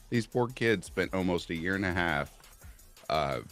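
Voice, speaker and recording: Very deep-voiced laughing man. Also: expressive, a little slow, fairly bright tone, soft background music. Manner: laughs often, playful. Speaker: guest. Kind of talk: casual chat on a livestream.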